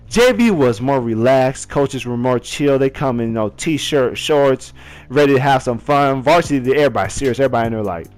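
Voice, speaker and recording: A man's voice: medium pitch, no room sound. A young man telling a story casually, laughing a lot and acting out the voices and chants.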